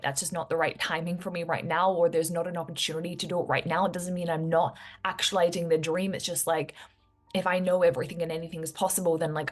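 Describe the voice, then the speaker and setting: Earnest woman musing over soft music. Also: on the low side. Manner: earnest, reflective, many fillers like "like". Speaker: vlogger. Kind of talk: heartfelt personal talk to camera.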